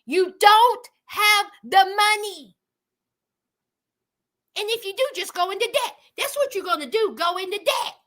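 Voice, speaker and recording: A woman with a very high, bright, sharp voice recaps reality TV with sass. She swings her pitch all over the place and talks straight to her viewers as if they're friends on the couch. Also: lively intonation, a little slow. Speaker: reality TV commentator. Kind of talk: casual reaction commentary.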